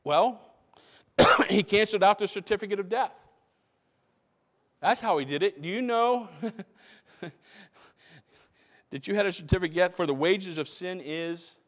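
Male pastor, emphatic repetitive sermon delivery, somewhat high voice. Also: lively intonation, unhurried, long pauses, a bit bright. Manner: emphatic preaching, repeats phrases for stress. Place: church.

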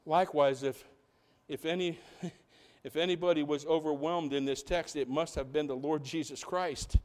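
A pastor preaches a sermon in an animated, conversational style, frequently putting questions to the congregation. His voice sits on the high side, and he keeps a moderate pace.

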